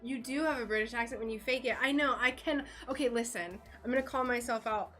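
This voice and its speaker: A woman's voice: a little high, quick pace, a bit bright, soft background music. A woman chatting casually on a livestream while she crafts stained glass in her home workshop. She laughs often and talks to herself as she works.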